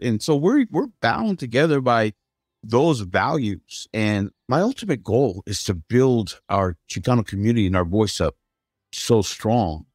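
A man's voice: mid-range voice, dry recording, studio quality. A middle-aged man from the United States, a guest in an interview, talking earnestly and with emphasis, often restarting his sentences. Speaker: guest, streaming platform founder. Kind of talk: conversational interview.

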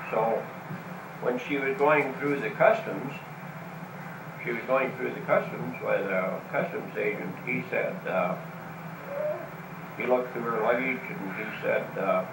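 A man tells old jokes to his family at a slow, halting pace. His stories are dotted with uh's and false starts. The camcorder picks him up from far across an echoey home room, with a faint hum behind him. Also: medium pitch, gravelly. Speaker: family joke teller. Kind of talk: casual joke telling. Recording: roomy home video from afar.

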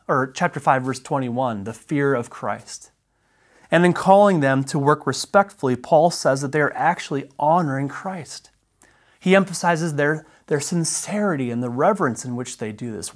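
Preacher, male, mid-range voice; measured, emphatic sermon delivery, slowing on key phrases. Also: medium pitch. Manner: emphatic, deliberate teaching with slowed key phrases. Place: church.

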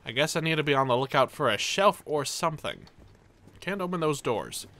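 A young man giving excitable let's play commentary, narrating his own moves with dramatic panic. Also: fairly high pitch, a little fast. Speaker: gameplay commentator.

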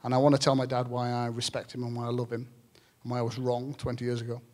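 A man from England's Lake District, an author speaking on stage at a live event, talking in an earnest, halting way with many fillers. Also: medium pitch, monotone, darkish tone. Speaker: author and shepherd guest speaker. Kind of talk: public talk with reading and Q&A.

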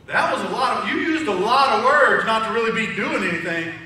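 A man's voice: high voice, animated, a little fast, pushed and bright. A man preaching a sermon to his congregation in a conversational, joking way. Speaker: pastor. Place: church sanctuary. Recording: echoey church from far off.

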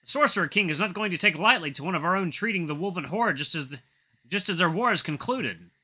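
A blunt, weary wolf chief lays out his case in a firm, lecturing tone, as a man reads his lines. The voice is bright and fairly high for a man, with a piercing edge. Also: lively intonation, quick pace, husky, heavily acted.

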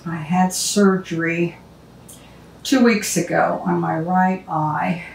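Slow-talking woman chatting in a kitchen. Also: on the low side, fairly even intonation, creaky, slight background noise. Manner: chatty, rambling anecdotes. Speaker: cooking show host. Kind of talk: casual cooking demonstration with storytelling. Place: home kitchen. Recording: echoey kitchen, mic at a distance. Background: clatter of dishes and utensils.

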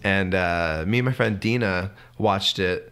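A man's voice: sits low, measured pace, a bit bright, clean tone. A young man co-hosting a movie podcast, joking and swearing in casual chat with friends. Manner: profane, joking, laughs often. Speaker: podcast co-host.

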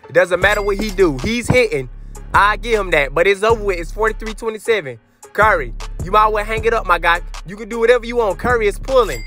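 A young man giving loud, animated trash-talk commentary over his basketball video game to his chat, sometimes slipping into a sing-song. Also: high-pitched, fast talker, soft background music. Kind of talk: hyped gameplay commentary.

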